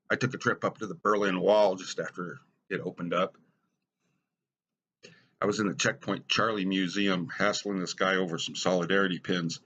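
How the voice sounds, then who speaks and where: A middle-aged American man with a low, husky voice tells personal stories in a dry, deadpan way. His tone is bright and forceful, and the humor stays wry. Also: muffled recording. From United States. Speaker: storyteller. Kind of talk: stand-up style personal storytelling.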